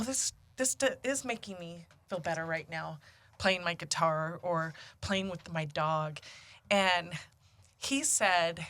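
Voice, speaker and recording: A woman's voice: on the low side, bright, forceful tone. A woman who helps run comedy shows, telling a story earnestly in a casual podcast conversation. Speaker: comedy show organizer.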